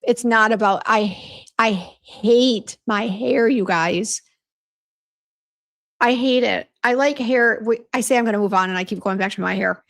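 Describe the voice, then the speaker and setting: Woman, livestream host, casual chat, vocal fry, mid pitch. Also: normal speed, fairly bright tone. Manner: chatty, venting, reads viewer comments aloud. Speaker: beauty brand host on livestream.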